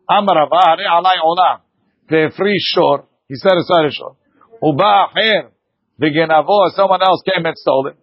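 A man teaching a lively Talmud class, arguing points back and forth with his students. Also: fairly high pitch, breathy edge, no echo, muffled recording.

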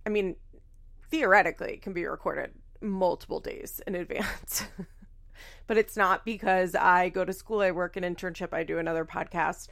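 A young woman talks through her solo podcast in a loose, rambling way. Her voice has a noticeable gravelly fry. She swears casually and jokes at her own expense. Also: lowish voice, fairly even intonation, moderate pace, a bit bright. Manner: chatty, rambling, swears casually, self-deprecating. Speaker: podcast host.

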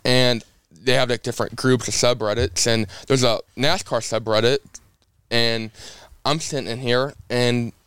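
A man's voice: mid-range voice, measured pace, clean tone, no echo. A young man from Indiana, a race car driver, telling stories in a casual podcast interview and acting out the quotes. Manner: lively storyteller who acts out quotes.

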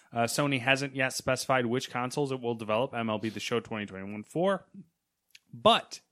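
A man co-hosting a casual podcast, dry and deadpan, reading out news items between chat. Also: medium pitch. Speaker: podcast co-host.

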